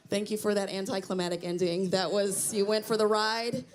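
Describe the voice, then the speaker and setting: A woman's voice: medium pitch, fairly even intonation, moderate pace. A middle-aged woman doing a self-deprecating stand-up comedy set on a small theater stage, chatting with the crowd. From Cambodian heritage.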